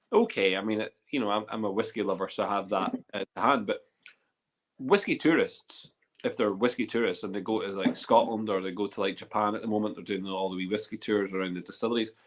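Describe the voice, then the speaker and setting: A man's voice: on the low side, steady tone, fairly quick. A man in casual chat, enthusiastic and often restarting his sentences.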